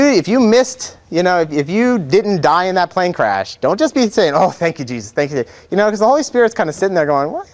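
A young man, a seminarian, teaching an adult faith class in a chatty, joking way, acting out quotes. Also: high-pitched. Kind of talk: informal classroom lecture. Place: church classroom.

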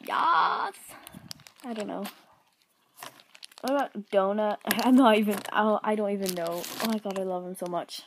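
A young woman vlogging an unboxing, gushing and gasping, often dropping to an excited whisper. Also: medium pitch, moderate pace, pauses often, slight background noise.

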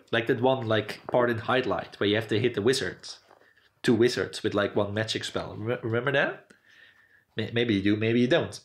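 Rambling man with a lively pitch. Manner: rambling, many "you know, like" fillers; animated, jumps up in pitch. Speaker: video host. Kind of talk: casual unscripted commentary.

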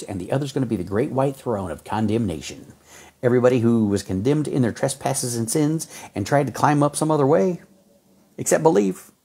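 Fervent husky-voiced man preaching. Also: warm tone. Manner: fervent, exhorting, reads scripture aloud with sudden pitch jumps; folksy, says y'all and man. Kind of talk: sermon.

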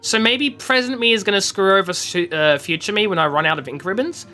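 An Australian livestreamer chats and jokes casually while playing a game, mock-grumbling along the way. His high-pitched, sharp voice moves fairly quickly with hardly any pauses, over soft background music.

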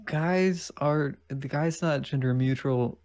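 A man from the United States co-hosting a casual podcast, upbeat and jokey with quick asides. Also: a little high, a little mellow, no room sound. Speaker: podcast co-host. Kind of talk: casual chat.

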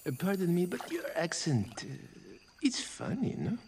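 A man's voice: high-pitched, wildly swooping pitch, measured pace, gravelly, darkish tone, a little hiss or hum, full character voice. A young man playing a hesitant, polite prince. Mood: awkward. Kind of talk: school musical theater.

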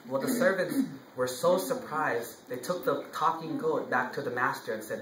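A man's voice: medium pitch, moderate pace, fairly bright tone, echoey room, a little hiss or hum, poor audio. A man, a Buddhist monk, telling a story in a playful sermon, speaking to listeners as "you guys". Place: temple hall.

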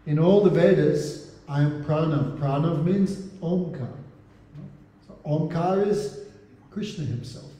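A man's voice: fairly high pitch, measured pace, dark tone. A man giving a religious class as a spiritual teacher, reciting Sanskrit verses, translating them and posing rhetorical questions. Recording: very echoey hall with long reverb.

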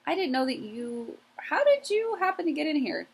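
A woman's voice: high-pitched, sing-song, gravelly, pitched above the performer's own voice, heavily acted, rough recording. A woman doing an elderly polite male mouse. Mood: cordial. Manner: polite, formal and slow. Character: elderly male white mouse, frail and courteous.

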